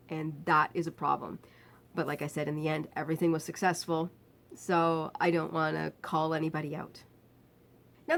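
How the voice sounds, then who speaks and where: A woman vlogger recounting a personal ordeal in casual chat, laughing often and filling with ums and restarts. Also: fairly low pitch. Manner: chatty, laughs often, many fillers and restarts. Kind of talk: casual storytelling to camera.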